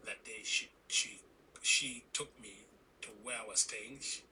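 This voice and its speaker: Bright-voiced man giving earnest testimony. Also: fairly low pitch, slight background noise, poor audio. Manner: earnest, halting with repeated restarts, drops to a whisper at intense moments. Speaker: guest telling his conversion story. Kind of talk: emotional testimony in a podcast interview.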